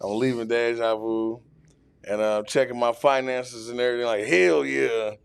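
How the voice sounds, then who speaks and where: A man's voice: mid-range voice, fairly even intonation, normal speed, gravelly, clean tone, no room sound. A man telling a long, profane, rambling story as a podcast guest, full of fillers. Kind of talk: casual storytelling. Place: podcast studio.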